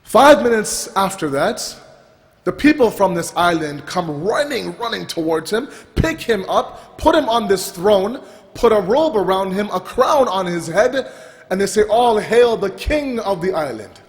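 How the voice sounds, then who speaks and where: A man with a notably high-pitched voice tells a parable during a sermon. His delivery is animated and full of restarts. The sound rings with the long reverb of a large hall. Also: a little slow. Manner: animated storytelling with repeated restarts. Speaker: religious speaker. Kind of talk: sermon storytelling.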